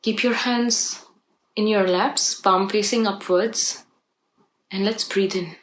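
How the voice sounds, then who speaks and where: A woman leading a guided meditation, speaking softly and gently as she guides the breathing. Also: mid-range voice, fairly even intonation, slight background noise, rough recording. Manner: slow, soft and gentle, guiding breathing.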